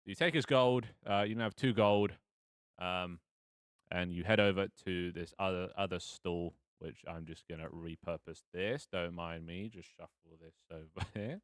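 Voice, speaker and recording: Deep-voiced man running a casual game stream. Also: a bit bright, no room sound, clean studio sound. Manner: rambling, self-mocking, with frequent fillers and swearing. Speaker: game master. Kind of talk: casual live-stream narration of a tabletop game.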